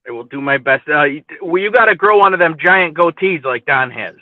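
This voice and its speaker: A man's voice: fairly high pitch, animated, fairly quick, no room sound. A man hosting a casual stream chat, easygoing and rambling, laughing often. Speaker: host. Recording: dry, phone-like audio.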